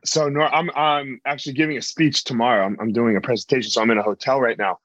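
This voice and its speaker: Male podcast host in a hotel room, laid-back, mid pitch, dry close sound. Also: fast, no echo, dull audio. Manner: relaxed, affirming, repeats phrases. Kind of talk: casual interview chat.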